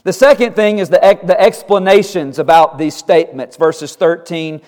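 Emphatic high-voiced male preacher, reverberant hall. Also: fairly even intonation, a little mellow. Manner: deliberate, emphatic preaching with repeated phrases. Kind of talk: sermon.

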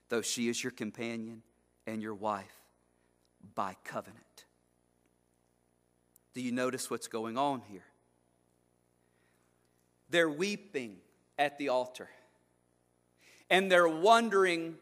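A man's voice: mid-range voice, a bit bright. A man preaching an expository sermon as pastor, with an emphatic, repetitive cadence. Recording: long hall reverb.

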